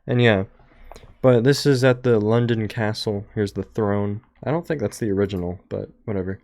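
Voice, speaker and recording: A man's voice: fairly low pitch, moderate pace, a little mellow, dry recording. A young man streamer rambling casually and jokingly, trailing off now and then. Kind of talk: casual chat over travel photos.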